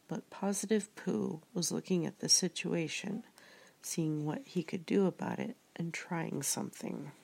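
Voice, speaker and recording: A woman reading an audiobook with a low voice and a gravelly edge of vocal fry. She narrates in a measured, reflective way, giving each idea room. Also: mellow.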